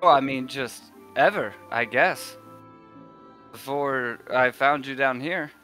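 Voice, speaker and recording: Bright-voiced, halting male player. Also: medium pitch, faint music behind. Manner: halting, filler-heavy, laughing. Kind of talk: tabletop role-play, in and out of character.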